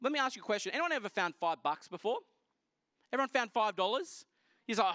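High-voiced Australian man preaching. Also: quick pace, no room sound, studio quality. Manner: animated, joking, quizzes the congregation. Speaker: pastor. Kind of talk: sermon.

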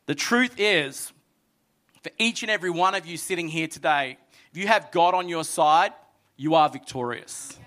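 A man preaching a sermon to a congregation, retelling a scripture story with animated storytelling and acting out the characters. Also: a little high, normal speed. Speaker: pastor. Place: church hall with congregation.

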